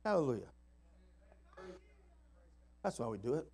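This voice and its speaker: A man preaching a sermon in a folksy, emphatic way, dropping to soft asides and rising to loud climaxes. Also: mid-range voice, very animated, unhurried, creaky, slightly rough. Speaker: pastor. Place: church sanctuary.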